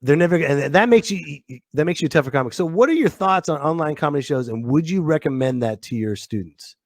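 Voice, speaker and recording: A man hosting a comedy podcast, reacting with quick exclamations and asking his guest questions. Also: fairly high pitch, expressive, no echo, clean studio sound. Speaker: podcast host. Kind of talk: casual interview chat.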